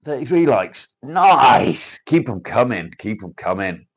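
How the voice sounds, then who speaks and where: With a lowish, slightly mellow voice that swings a lot in pitch, a man talks at normal speed on a casual livestream, reading comments, swearing freely and greeting viewers by name. He's from Cheshire, England, and his accent mixes northern English and South Welsh.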